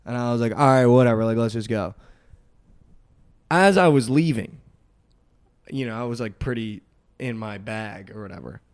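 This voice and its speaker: A young man co-hosting a podcast, telling a story in casual chat, animated and full of "like" and "dude". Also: medium pitch, normal speed, pauses often, clean tone. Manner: animated, heavy use of "like" and "dude", acts out quotes. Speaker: podcast co-host.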